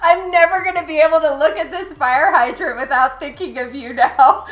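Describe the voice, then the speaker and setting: A woman's voice: sits high, moderate pace, fairly bright tone. A woman artist chatting casually with her live-stream viewers, laughing often as she reads their messages. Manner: giggly, reads chat messages aloud. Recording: roomy echo with faint music. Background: faint background music.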